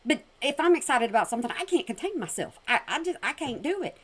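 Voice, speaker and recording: A woman giving sassy, mocking commentary on a clip, with a twang and sudden loud outbursts. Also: high voice, sing-song, fast. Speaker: commentary vlogger reacting to a clip. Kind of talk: casual commentary.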